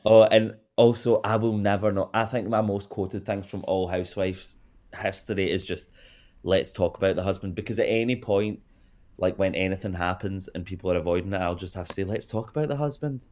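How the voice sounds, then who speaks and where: Low-voiced chatty man. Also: little pitch movement, darkish tone. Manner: rambling, gushing, quick asides and self-interruptions. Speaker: podcast guest, comedian. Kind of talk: casual chat.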